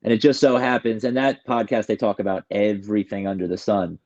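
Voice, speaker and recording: A man's voice: lowish voice, little pitch movement, brisk, a little mellow, dull audio. A man from New York telling his recovery story in a candid, emotional, rambling way, often starting his sentences over. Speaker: guest sharing recovery story.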